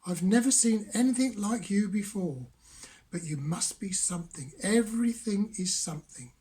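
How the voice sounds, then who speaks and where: Storybook tree frog voiced by an older man, Devon accent, friendly, eager, raised pitch. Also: expressive, moderate pace, warm tone. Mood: cheerful.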